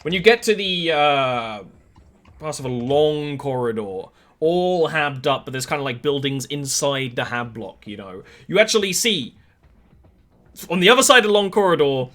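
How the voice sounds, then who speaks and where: A man's voice: on the high side, animated, normal speed, fairly bright tone. A man running a tabletop game as game master, describing scenes in a rambling way with many fillers.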